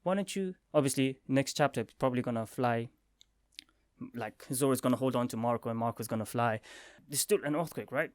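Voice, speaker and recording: A young man chats through a review of a comic chapter, mid-pitched and excitable, bursting into quoted lines and sound effects. His voice is dry and close, with no room around it. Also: a little fast, no room sound. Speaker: manga review vlogger. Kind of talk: casual spoken review.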